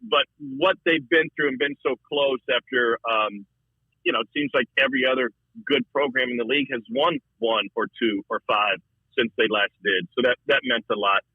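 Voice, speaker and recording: Broadcaster guest calling in: man, raspy, phone-thin sound, lively restarts. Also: moderate pace, no echo, phone-quality sound. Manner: animated, repeats words, shifts pitch a lot. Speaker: college football broadcaster, guest. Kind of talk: casual sports talk.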